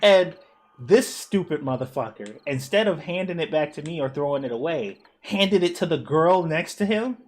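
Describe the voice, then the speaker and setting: A man streaming a co-op game, telling a school story in animated, profane casual chat with frequent laughs. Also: a little high, moderate pace. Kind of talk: casual chat while gaming.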